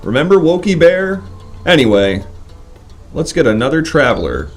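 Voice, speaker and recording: A man's voice: a little high, sing-song, normal speed, faint music behind. A man hosting a live comedy stream, playful and bantering as he needles his guest. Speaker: host.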